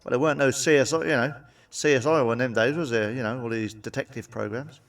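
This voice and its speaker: Male stand-up comic, mid-pitched, blunt and sweary, mic set back a little. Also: fast, far from the mic. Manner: blunt, sweary, cheeky jokes with tag questions. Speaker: stand-up comedian. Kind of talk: stand-up joke monologue.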